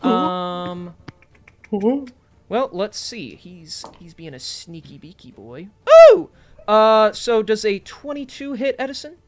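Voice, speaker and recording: A man's voice: high voice, slow. A man running a tabletop game as dungeon master, joking, laughing and swearing casually.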